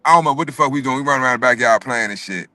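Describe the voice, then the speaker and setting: A man telling a long story in casual chat, animated and profane, often repeating words. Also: medium pitch, rapid-fire, no room sound, soft background music. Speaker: podcast co-host telling a story.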